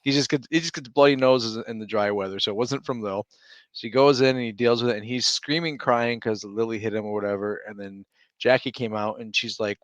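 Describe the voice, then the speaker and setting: A man's voice: mid-range voice, steady tone, quick pace, dry recording. A man in his thirties, co-hosting a casual chat over a remote call, telling rambling stories and laughing often. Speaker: podcast co-host.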